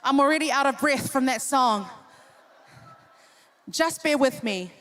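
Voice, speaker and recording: A woman's voice: sits high, a little slow, fairly bright tone. A woman in her fifties doing cheeky live comedic banter as the entertainer at a charity dinner in a large hall. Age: 50s. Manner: cheeky, teasing the audience.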